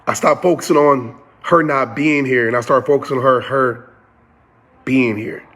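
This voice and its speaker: This man's voice is steady, medium in pitch and a bit bright, moving at a moderate pace. He delivers a motivational talk to "y'all" with a preacher's earnest cadence and repeated lines, becoming emotional along the way.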